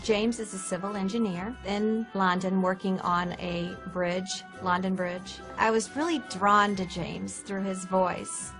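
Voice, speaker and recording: A woman's voice: mid-range voice, steady tone, unhurried, few pauses, music in the background. A woman, a talk show guest, telling her own story in a plain, matter-of-fact way. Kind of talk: recorded personal account.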